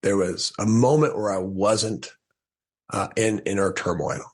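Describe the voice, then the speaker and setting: A man with a low, breathy-edged voice tells his own story as a podcast guest. He talks earnestly and in fits and starts, often restarting a thought mid-sentence. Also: measured pace. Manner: earnest, restarts sentences, animated when quoting. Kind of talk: personal storytelling in a podcast conversation.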